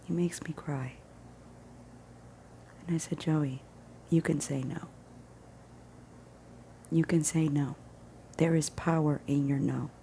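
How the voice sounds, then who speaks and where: A woman telling a personal story in a casual vlog, earnest and emphatic, often dropping to a hushed near-whisper. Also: low-pitched, fairly even intonation, a little slow, long pauses, a little hiss or hum. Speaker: vlogger.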